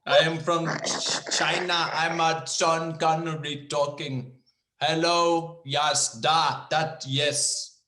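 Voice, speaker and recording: A man putting on a silly mock-foreign voice, pretending to be a famous actor, loud and sing-song. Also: a little high, little pitch movement, slow pace, pitched above the performer's own voice. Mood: goofy. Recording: roomy echo.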